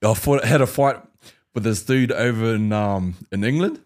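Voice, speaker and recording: A former UFC fighter from New Zealand, appearing as a guest in a casual interview, animatedly tells fight stories, acting out the banter and laughing. His voice is fairly low and his speed normal.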